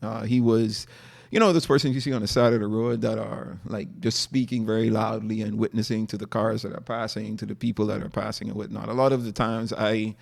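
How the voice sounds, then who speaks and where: A man's voice: fairly low pitch, creaky, no room sound, clean studio sound. A man with a Bahamian accent, casually telling a story as a podcast host, with many fillers and restarts.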